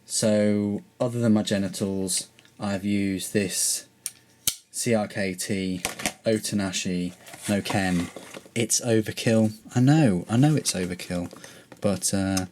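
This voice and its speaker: A low-voiced man from Britain talks through a casual unboxing vlog with wry, self-mocking asides and a rambling flow. A faint hiss sits under his voice. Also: slow pace. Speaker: hobby reviewer.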